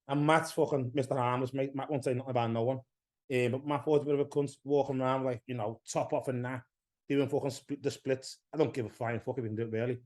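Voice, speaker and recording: Man, English accent, loud, profane, animated storyteller, casual podcast chat, middle pitch. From England. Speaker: podcast guest.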